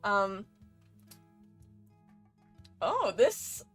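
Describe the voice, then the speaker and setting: A woman's voice: mid-range voice, big pitch swings, very slow, a bit bright, faint music behind. A woman hosting a let's play, with casual gameplay commentary, bubbly and playful, rambling with many fillers.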